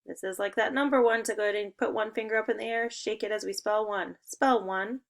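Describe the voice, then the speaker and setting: A young woman teaching an online spelling lesson to second graders, upbeat and encouraging, giving clear step-by-step instructions. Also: mid-range voice, fairly even intonation, brisk.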